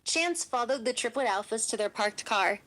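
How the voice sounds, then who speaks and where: A woman narrating an audiobook in a steady, even storytelling manner. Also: on the high side, moderate pace, poor audio.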